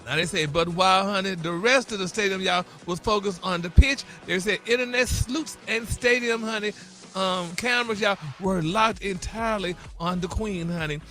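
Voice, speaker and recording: A man's voice: sits high, normal speed, pushed and bright, faint music behind. A man delivering a celebrity gossip segment on morning radio, flamboyant and theatrical, saying honey and y'all constantly.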